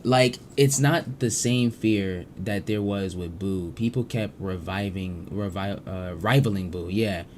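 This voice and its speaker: A man giving casual reaction commentary as a streamer, excitable, profane and rambling with frequent restarts. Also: low-pitched, measured pace, few pauses, a little hiss or hum.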